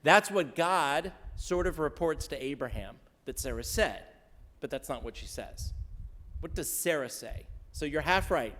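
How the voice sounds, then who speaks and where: A man's voice: on the high side, animated, a little slow, fairly bright tone. Guy rabbi doing a chatty sermon, asks the crowd stuff, dry jokes, voice goes up and down a lot, echoey sanctuary. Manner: conversational, quizzes the congregation, wry humor. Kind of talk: interactive sermon teaching the weekly Torah portion. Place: synagogue sanctuary during a service.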